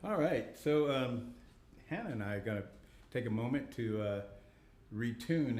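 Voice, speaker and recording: A man's voice: mid-range voice, animated, unhurried, long pauses, darkish tone. Laughing man telling a story, roomy. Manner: playful storyteller, laughs often. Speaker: fiddler and performer. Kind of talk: storytelling between tunes at a live session. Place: small historic listening room. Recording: roomy live room with faint noise.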